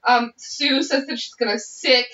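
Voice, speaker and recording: A woman co-hosting a podcast, chatting casually through an episode recap and dropping into a lower voice to quote characters. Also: fairly even intonation, a little slow, noisy background. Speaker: podcast co-host. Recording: echoey room, muffled lo-fi sound, distant mic.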